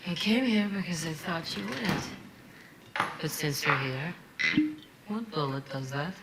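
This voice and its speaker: A guarded woman spy, talks in a very low, clipped voice. Loud clattering of dishes, pots and pans fills the film clip behind her. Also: a little slow, heavy background noise. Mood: wary. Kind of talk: film dialogue.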